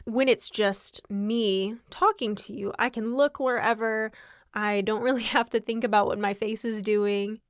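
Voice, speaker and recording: Woman podcast host, worn out, rambling and candid, smooth clear voice, dry close sound. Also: mid-range voice, steady tone, a little slow, dry recording. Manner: candid, rambling, with frequent laughs. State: exhausted. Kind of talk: casual solo podcast chat.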